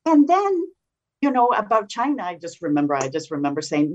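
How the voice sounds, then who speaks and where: A woman's voice: on the low side, very animated, fairly quick, highs cut off. Passionate woman, native Spanish speaker. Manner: passionate, emphatic. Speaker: political candidate. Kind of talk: interview.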